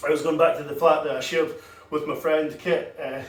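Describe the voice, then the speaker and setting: A young comedian with a slightly high voice tells crude, self-mocking stories at an open mic. His voice carries from the stage through a handheld mic. The recording comes from far back in a boomy club, with room noise around him. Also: flat delivery, brisk, roomy sound. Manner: self-deprecating, crude storytelling with laughs. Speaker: stand-up comedian. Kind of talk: open-mic stand-up set. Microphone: handheld corded mic, recorded from far.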